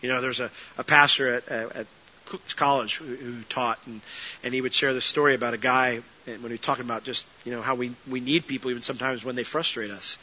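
A man pastor delivering a sermon, telling stories with lively energy and dropping to soft earnest tones. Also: medium pitch, quick pace, muffled recording. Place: church sanctuary.

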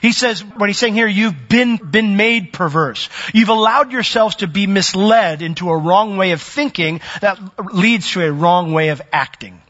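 Male pastor, bright higher voice, emphatic sermon delivery with dramatic drops; muffled recording. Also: moderate pace, hardly any pauses. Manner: swings from loud emphatic peaks to soft low asides.

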